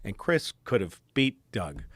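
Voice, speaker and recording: Low guy rambling thru a story, kinda laughing at himself, dead dry mic. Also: big pitch swings, measured pace, dry recording. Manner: rambling, self-deprecating, laughs through the story. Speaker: podcast guest. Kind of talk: casual storytelling chat. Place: podcast studio.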